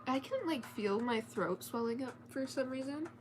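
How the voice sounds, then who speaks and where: Casual female storyteller, higher voice, reading a book aloud from home, chatty and loose with the swearing. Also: expressive, normal speed, noisy background. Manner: chatty, swears casually, chats to her cats between passages.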